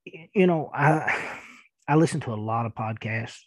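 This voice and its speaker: Kentucky guy reading listener mail, thick eastern kentucky accent, chuckles and ums a lot, mid-pitched, dry sound. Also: no echo. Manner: chuckling, rambling, halting with fillers. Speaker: podcast host. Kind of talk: casual listener-mail chat.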